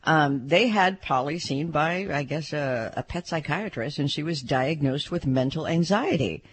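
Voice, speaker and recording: A woman's voice: sits low, animated, measured pace, slight background noise. A woman hosting an animal news update on a radio show, chatty and hesitant with fillers.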